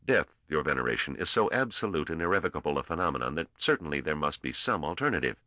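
A man reading an audiobook voices a male trader who pleads in a quiet, careful, formal way. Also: rumbling low, big pitch swings, fast, no room sound, lo-fi sound, exaggerated voice. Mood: dogged. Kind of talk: audiobook character voice.

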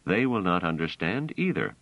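A man's voice: low voice, big pitch swings, moderate pace, fairly bright tone, no room sound, exaggerated voice. A man voicing a stubborn male prisoner who answers his captor in curt, defiant lines. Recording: dull, dry audio.

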